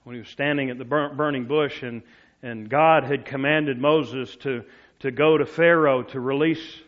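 Man, preacher mid-sermon, vivid storyteller who sinks to a hush for quotes, somewhat high-pitched, lo-fi audio. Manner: storytelling, drops to a soft low voice for quoted words.

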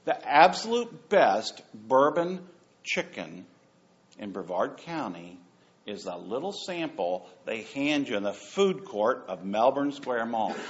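A man preaching a sermon as pastor, animated and joking, repeating phrases for emphasis. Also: a little high. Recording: dull lo-fi sound.

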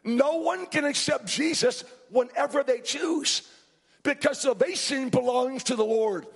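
A man preaching a sermon as pastor, fervent, swinging between hushed passages and shouted ones. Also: very high-pitched, a little slow. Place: restaurant hosting a Sunday service. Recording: long reverb in a large room.

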